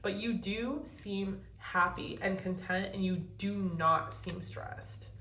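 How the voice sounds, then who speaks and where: A woman's voice: medium pitch, fairly even intonation, slow pace, bright, forceful tone, reverberant. A young woman giving a casual tarot reading to her viewers, blunt and chatty, swearing freely. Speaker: tarot reader.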